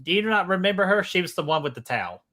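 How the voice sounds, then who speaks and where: A man's voice: sits high, big pitch swings, fast, pushed and bright. A man co-hosting a casual livestream movie chat, rambling enthusiastically and saying "freaking" a lot. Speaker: podcast co-host.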